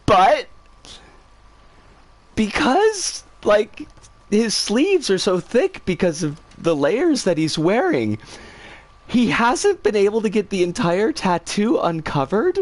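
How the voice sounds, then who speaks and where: A woman streamer casually telling a story, animated and swearing freely. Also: mid-range voice, takes it slowly, dry recording.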